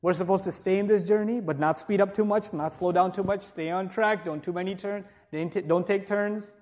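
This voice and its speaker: A man teaching a religious lecture to a live audience, chatty and joking, asking rhetorical questions and turning forceful when urging respect. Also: sits high, fairly even intonation, a little fast. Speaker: Islamic teacher.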